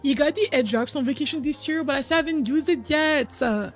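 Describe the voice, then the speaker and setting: A woman's voice: high-pitched, a little fast, hardly any pauses, soft background music. A young woman streaming a game and chatting casually with her viewers, getting over a cold. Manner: chatty, reads and answers chat, hums and sings bits. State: recovering from a cold.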